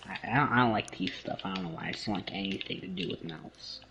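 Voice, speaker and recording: Low-voiced man from Canada, joking around. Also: fast, vocal fry, noisy background. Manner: joking, teasing, rambling. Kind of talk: casual gaming chat.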